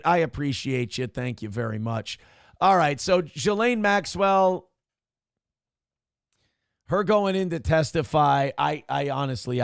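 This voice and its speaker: A male host chats casually with his live-stream audience, reading their comments aloud and cracking crude jokes. His voice is gravelly and rises and falls in a lively way, with a dry, close sound. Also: on the high side, dry recording. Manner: animated, crude, joking.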